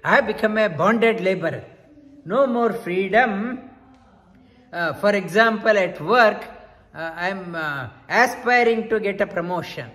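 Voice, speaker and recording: A man's voice: sits high, a bit bright, big-room sound. A man teaching a scripture lecture, repeating key phrases with emphasis and weaving in Sanskrit terms. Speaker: spiritual teacher.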